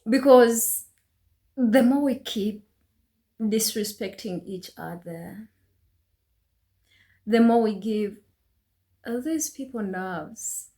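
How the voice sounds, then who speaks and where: A woman hosting her channel, giving reaction commentary with earnest, drawn-out emphasis. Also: a little high, dark tone. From Uganda. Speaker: channel host.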